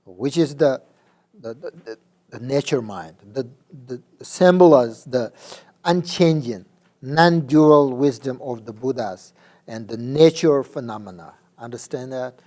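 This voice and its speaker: Slow, halting male Buddhist teacher. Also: medium pitch, darkish tone. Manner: halting, many fillers, checks understanding. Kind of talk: dharma teaching.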